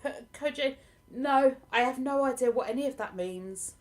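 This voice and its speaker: A woman's voice: high voice, normal speed. Chatty southern English woman on a livestream. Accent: southern English, partly Lincolnshire. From southern England. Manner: chatty and self-deprecating, laughs often. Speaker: livestream host. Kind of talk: casual live chat answering viewer comments.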